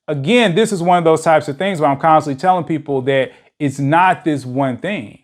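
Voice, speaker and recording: Rambling man, a bit high-pitched. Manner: rambling, many "you know" fillers. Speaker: dating channel host. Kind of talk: casual monologue to camera. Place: lives in a big city.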